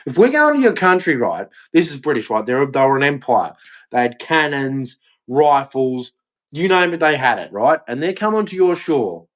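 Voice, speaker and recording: A man's voice: medium pitch, very animated, normal speed. An Australian man delivering a heated, blunt opinion rant, repeating himself and swearing. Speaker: vlogger.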